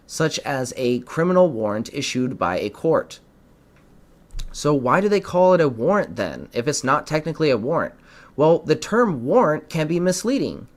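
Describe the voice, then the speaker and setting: A man hosting a podcast, giving earnest political commentary and often stumbling over his words. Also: a little high. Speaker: podcast host.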